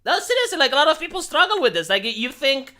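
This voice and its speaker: Sharp-voiced streamer man. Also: extremely high pitch, big pitch swings, fast talker, slight background noise. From Romania. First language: Romanian. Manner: rambling, sarcastic, many restarts. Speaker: live streamer. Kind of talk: casual live stream commentary.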